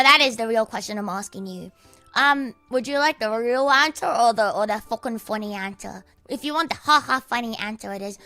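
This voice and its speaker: A young Australian woman talks on her livestream with a high, bright, cute voice, rambling and cursing nonstop. Her voice is slightly high for a woman and sits close to the mic in a dry room, with faint music underneath. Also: no echo. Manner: sweary, rambling, laughs often. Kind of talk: casual livestream chat.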